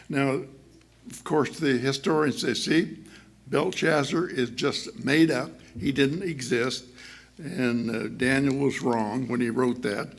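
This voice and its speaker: A man giving a sermon to his congregation in a chatty, halting way, with many fillers and restarts and frequent laughs. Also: medium pitch. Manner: laughs often while speaking. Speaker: church speaker.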